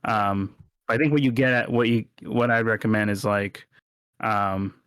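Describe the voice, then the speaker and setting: A man's voice: on the low side, steady tone, a little slow, a bit bright, clean tone, no room sound. A man co-hosting a casual podcast chat, rambling and often correcting himself, laughing easily. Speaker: podcast co-host.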